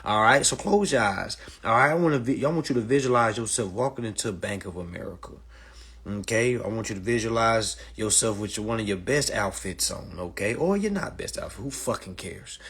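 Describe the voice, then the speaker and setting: A man's voice: lowish voice, lively intonation, brisk, a bit bright, breathy edge. A man giving a casual, profane monologue lesson to his listeners. He keeps asking "all right?" and calls them family. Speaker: host explaining finance to listeners.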